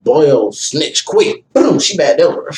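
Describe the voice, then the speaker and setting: A young man casually telling a personal story, acting out what people said with a raised, animated voice. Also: on the high side, measured pace. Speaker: guest telling his story. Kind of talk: casual conversation. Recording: distant mic with faint ambient noise.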